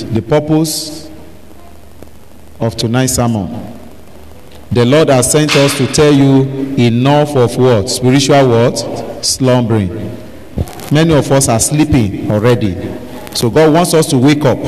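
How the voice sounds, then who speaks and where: A man preaching a sermon, asking the congregation to finish his sentences and breaking into sudden shouts. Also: mid-range voice. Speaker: pastor. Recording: long hall reverb, faint noise.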